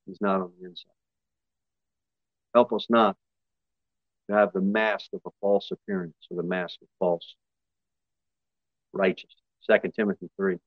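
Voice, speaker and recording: A male pastor preaching a sermon, his voice jumping high and loud for emphasis before dropping back low. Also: little pitch movement, normal speed, long pauses, dry recording, highs cut off. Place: church.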